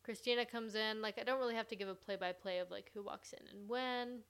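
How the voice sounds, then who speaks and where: A woman's voice: a little high, steady tone, fast talker, a bit bright, clean tone. A young woman hosting a podcast, chatting casually and gushing as she recaps a reality show, with "like" in nearly every sentence. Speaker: podcast host.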